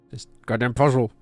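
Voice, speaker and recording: A man's voice: on the low side, dry recording. Man thinking aloud over a game. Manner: thinking aloud, talking to himself and chat. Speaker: game streamer. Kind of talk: casual gameplay commentary.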